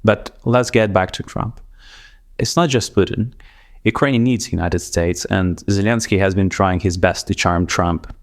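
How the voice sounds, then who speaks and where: A man with a Russian accent, a native Russian speaker, giving scripted commentary narration in a dry, measured, sarcastic way. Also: low-pitched. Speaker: commentary video host.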